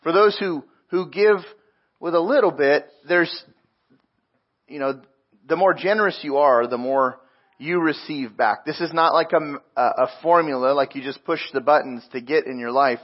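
A man's voice: a little high, normal speed, highs cut off. A man preaching a sermon as a pastor, earnest and conversational, often repeating his words as he explains.

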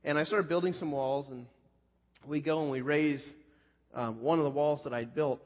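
A man's voice: on the high side, fairly even intonation, moderate pace. A man telling a personal story as a pastor in a sermon, talking in a loose, conversational, self-deprecating way full of fillers. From California Central Coast. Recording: muffled sound with long hall reverb.

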